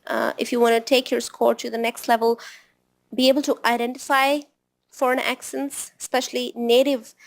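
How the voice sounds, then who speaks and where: A woman with a fairly high voice gives a relaxed, conversational lesson on exam preparation. She talks like a friendly tutor and keeps checking in with a quick tag question after her points. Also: vocal fry. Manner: chatty, often ends points with a tag question. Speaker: test-prep tutor. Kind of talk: informal online lesson.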